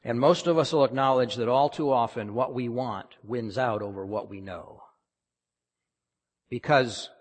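Emphatic pastor in reverberant hall. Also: male voice, mid-range voice. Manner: emphatic, questioning the congregation. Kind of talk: sermon.

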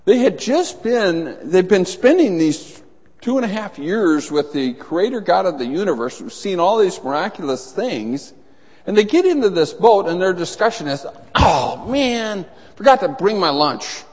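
A man's voice: sits high, normal speed, slightly rough. A middle-aged man preaching a sermon as a pastor, telling stories and acting out voices. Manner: animated storytelling, acts out voices in anecdotes. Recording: long reverb in a large hall.

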